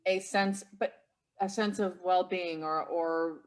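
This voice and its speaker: A woman's voice: fairly low pitch, steady tone, slow. Reflective woman who restarts her phrases. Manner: reflective, searching for words with restarts. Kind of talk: casual conversation on a live stream.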